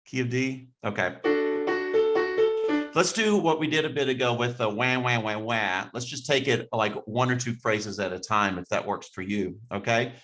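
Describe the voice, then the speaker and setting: A man's voice: medium pitch, normal speed, over music. A man coaching a singer in a live online vocal lesson, encouraging her and singing short demonstration phrases.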